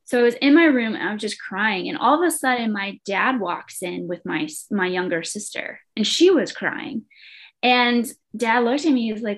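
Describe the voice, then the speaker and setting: A woman's voice: a little high, lively intonation, moderate pace. A woman guest on a podcast, telling her personal faith story in an earnest, heartfelt way. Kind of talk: personal testimony in conversation.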